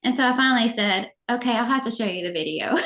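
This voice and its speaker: Chatty woman co-host, higher voice. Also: fast. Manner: animated storytelling, laughs often. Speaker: podcast co-host. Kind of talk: casual chat.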